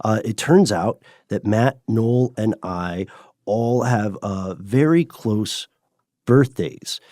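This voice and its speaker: A man co-hosting a casual podcast, rambling playfully through fillers and restarts. His voice is mellow and relaxed, at an ordinary pitch, and the studio sound is dry and close. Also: slow pace, dry recording. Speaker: podcast co-host.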